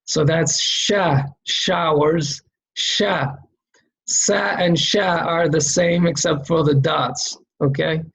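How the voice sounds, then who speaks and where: A man's voice: on the high side, steady tone, takes it slowly, creaky, a bit bright, breathy edge, rough recording. A man teaching a reading lesson, explaining letter shapes and sounds step by step, patiently repeating each sound and checking in with "okay?". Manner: demonstrates sounds by repeating them.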